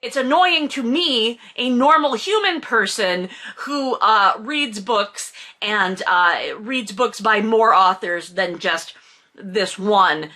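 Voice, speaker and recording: A woman recaps a book with heavy sarcasm and frequent swearing, and her voice climbs into indignant rants. Her voice is bright and forceful. She talks casually, as if to regular listeners. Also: mid-range voice, animated, slow pace. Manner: sarcastic, exasperated, swears often; bursts into loud indignant outbursts.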